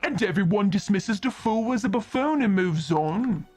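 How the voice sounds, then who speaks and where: A woman voicing a calm, guarded man at a bar, reading game dialogue in a measured, patient way. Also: mid-range voice, breathy edge, soft background music. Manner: measured, explaining himself patiently.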